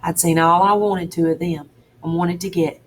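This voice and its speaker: A woman's voice: lowish voice, fairly even intonation, normal speed, slight background noise, poor audio. A woman reading a classic novel aloud, telling it steadily in first person with folksy dialect. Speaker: reader.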